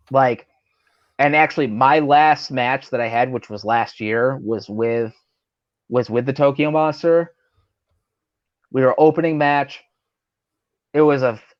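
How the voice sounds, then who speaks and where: A man's voice: medium pitch, muffled recording. A man who works as a pro wrestler, guesting on a talk show and telling a rambling, profane story full of fillers while acting out the people he quotes. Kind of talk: casual storytelling over drinks.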